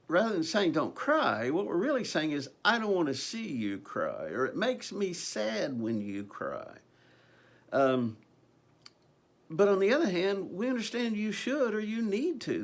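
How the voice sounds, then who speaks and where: A man preaching a conversational sermon, earnest and unscripted, with frequent ums and restarts. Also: fairly high pitch. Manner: earnest, conversational, with many ums and repeated phrases.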